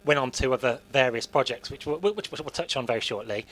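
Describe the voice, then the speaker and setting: A man's voice: mid-range voice, a little fast, fairly bright tone. A man hosting a radio interview, hesitant and full of fillers. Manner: hesitant, many fillers and restarts. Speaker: radio show host.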